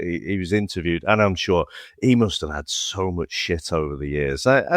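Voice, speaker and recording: A man's voice: low voice, no echo, clean studio sound. A man, casually reviewing a film as podcast co-host, swearing and laughing as he talks. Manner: swears freely, laughs often, restarts words.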